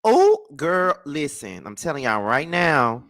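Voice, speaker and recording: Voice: medium pitch, very animated, slow, fairly bright tone. A reaction video host giving dramatic, gossipy, sassy commentary.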